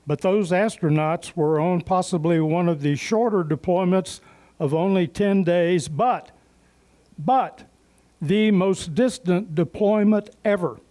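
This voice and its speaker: A man hosts a club meeting, spinning folksy jokes and stories in a relaxed raconteur's manner. His voice is fairly high for a man but warm and mellow. He speaks slowly and takes his time. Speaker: meeting emcee.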